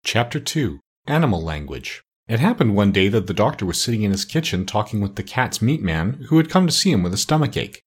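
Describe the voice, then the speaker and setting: Husky man reading a storybook. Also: on the low side, very animated, brisk, few pauses. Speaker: audiobook reader. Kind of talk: storybook narration.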